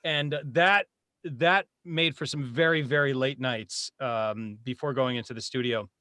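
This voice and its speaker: Bright-voiced man chatting as a guest. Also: mid-range voice, a little slow, no room sound, studio quality. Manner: animated, laughs often, slips into character voices. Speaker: voice actor guest. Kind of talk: casual podcast chat.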